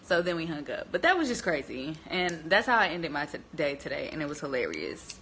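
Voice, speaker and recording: A young woman with a bright, forward voice talks straight into her phone on a live stream. She tells a story to her viewers in a lively, chatty way and laughs often, calling them y'all. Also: sits low, a little fast, gravelly, a little hiss or hum. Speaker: vlogger hosting a journaling live stream.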